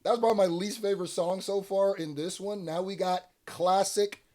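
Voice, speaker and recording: A man's voice: sits high, fairly quick. A man hosting a music reaction video, talking casually and bluntly, laughing often. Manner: animated, laughs often, blunt slangy remarks.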